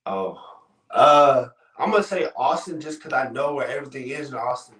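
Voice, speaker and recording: A man's voice: medium pitch, normal speed, a bit bright, recorded from a distance. A young man answering interview questions in a laid-back, easygoing way. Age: young adult. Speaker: college football player guest. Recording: echoey room, off mic.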